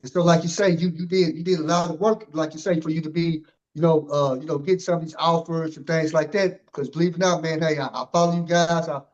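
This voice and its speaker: A male interview host with a fairly high voice who rambles along in casual chat. He leans on fillers and restarts his sentences. The audio sounds muffled and lo-fi. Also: fairly even intonation, quick pace, a little mellow. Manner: rambling, loaded with "you know" and "man". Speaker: podcast host.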